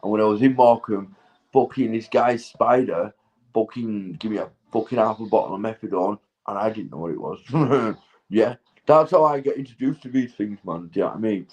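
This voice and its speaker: A man's voice: lowish voice, fairly quick, a little mellow, low-quality recording. Northern English man, 40s, intoxicated livestreamer; meandering monologue, laughs at his own thoughts, swears freely. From England. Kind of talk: rambling casual chat to viewers.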